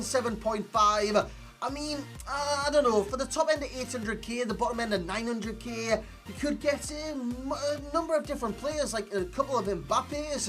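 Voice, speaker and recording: A Geordie man runs through a gameplay review in a casual, rambling way. He loops back on his own phrases and pokes fun at his slip-ups. Faint music plays softly behind his voice. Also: very high voice. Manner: chatty and rambling, repeats phrases, jokes at himself. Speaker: video game player reviewer. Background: faint background music.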